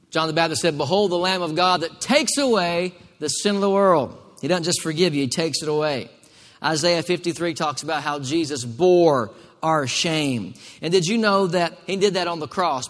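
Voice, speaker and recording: A man's voice: a little high, a bit bright, in a large hall. A male pastor preaching a sermon emphatically, calling for responses from the congregation.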